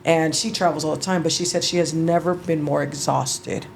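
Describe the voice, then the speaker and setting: Emotional, halting, low-voiced woman storyteller. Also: fairly even intonation, creaky, a little hiss or hum. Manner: halting, emotional, many restarts, casual swearing. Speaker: interview guest. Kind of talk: personal storytelling.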